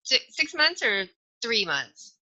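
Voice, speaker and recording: A woman's voice: on the high side, sing-song, slow, bright, forceful tone. A woman hosting a podcast interview, attentive and answering with short affirmations. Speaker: podcast host. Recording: dull lo-fi sound.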